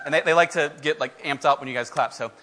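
A man's voice: on the high side, fast. A man hosting a live event, energetically calling out to the audience and running a contest. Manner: energetic, shouting to the crowd. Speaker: event host.

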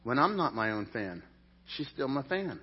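A middle-aged man preaching a sermon in an animated, jokey way, with sudden loud peaks. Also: mid-range voice, moderate pace, husky. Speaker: pastor. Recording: dull lo-fi sound.

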